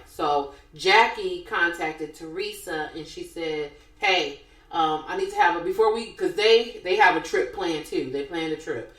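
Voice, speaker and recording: Animated woman retelling gossip, echoey room. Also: fairly low pitch, slow. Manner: animated storyteller acting out quotes. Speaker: podcast co-host. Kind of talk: casual chat, retelling reality TV gossip.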